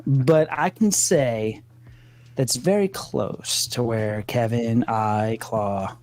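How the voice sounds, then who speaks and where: A man's voice: mid-range voice, takes it slowly, darkish tone, faint music behind. A man with a Louisiana accent co-hosting a podcast, telling stories emphatically and swearing casually. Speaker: podcast co-host. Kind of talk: casual chat.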